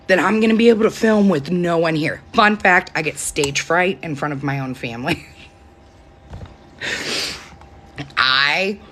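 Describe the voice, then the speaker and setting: A chatty woman hosts a casual live stream from her phone at home. Her voice has a bright, forward tone, and she laughs often between stories. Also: lowish voice. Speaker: TikTok live host. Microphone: phone camera.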